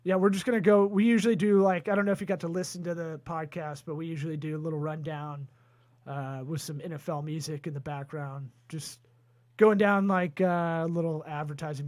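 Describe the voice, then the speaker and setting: A man's voice: fairly high pitch, a little mellow. A man hosting a comedy business podcast, reading sponsor plugs and joking with his co-host. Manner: jokey, rapid-fire sponsor plugs. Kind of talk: casual podcast chat with ad reads.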